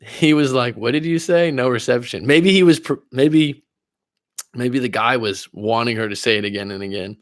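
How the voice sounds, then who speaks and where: A man's voice: medium pitch, steady tone, moderate pace, no room sound, clean studio sound. A man coaching on relationships during a livestream, chatting casually, reading viewer comments and telling personal stories with frequent laughs.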